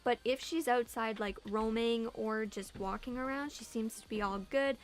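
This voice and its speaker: Chatty young woman vlogger, higher voice. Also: steady tone, normal speed. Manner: chatty, heavy use of "like". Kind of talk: casual Q&A vlog. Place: home room.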